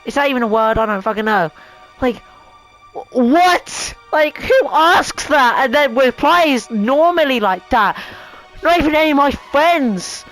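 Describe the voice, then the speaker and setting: Woman vlog host, casual exasperated rant, lots of swearing, slightly high voice, soft music underneath. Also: animated, normal speed, rough recording. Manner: rambling, profane, exasperated. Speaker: channel host. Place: home room.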